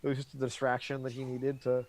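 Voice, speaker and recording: Man, tabletop player, ordinary middle pitch, repeats words while thinking. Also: monotone, fast talker, a little mellow. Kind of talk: casual tabletop game chat.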